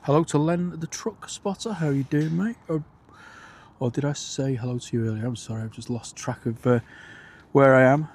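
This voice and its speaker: A man hosts a live plane-spotting stream from outdoors at an airport, his voice sitting at an ordinary middle pitch. He talks in a chatty, easygoing way, calling out flights and answering viewers. A faint outdoor hum runs under his voice. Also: steady tone, fairly quick, a little mellow. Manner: chatty, reads out viewer comments.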